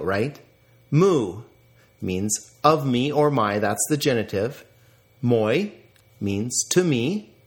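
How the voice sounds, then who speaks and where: A man teaching a recorded vocabulary lesson, reading word forms aloud slowly and repeating them for practice. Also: medium pitch. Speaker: language teacher.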